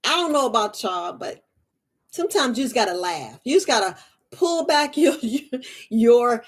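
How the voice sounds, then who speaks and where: Woman, herbalist host, casual live-stream chat, fairly high voice, frequent laughter. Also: very animated, normal speed, husky. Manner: chatty, laughs often, repeats phrases.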